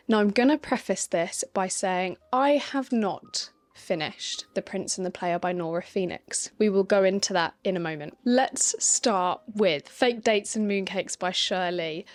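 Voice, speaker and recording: A woman's voice: medium pitch, a little slow. Chatty woman book vlogger. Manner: chatty, exasperated rants with rhetorical questions. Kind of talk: casual reading vlog.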